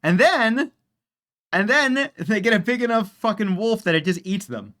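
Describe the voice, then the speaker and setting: A man's voice: sits high, sing-song, moderate pace, fairly bright tone. A man casually commenting on a game during a live stream, chatty, rambling and profane.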